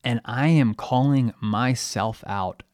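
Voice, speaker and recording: A man's voice: medium pitch, slow, a little mellow. A man in a mid register talks through a coaching monologue as a podcast host. His delivery is conversational, full of rhetorical questions and self-mockery. The sound is dry and close, with no room echo. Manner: conversational, asks rhetorical questions, pokes fun at himself. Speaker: podcast host, periodontist coaching dental teams.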